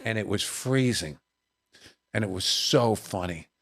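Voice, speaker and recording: A man's voice: on the low side, unhurried, gravelly. A man, a comedian guest in a podcast studio, telling stories, acting out the voices in them and often adding "you know what I mean". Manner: animated, acts out the voices in his stories. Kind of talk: storytelling anecdotes in an interview.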